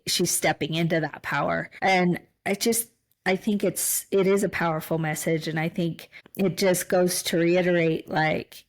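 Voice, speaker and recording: A woman with a lowish voice co-hosts a conversational podcast. She speaks reflectively, circles back on her words, and gets emotional as she talks. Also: steady tone, measured pace, rough recording. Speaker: podcast co-host.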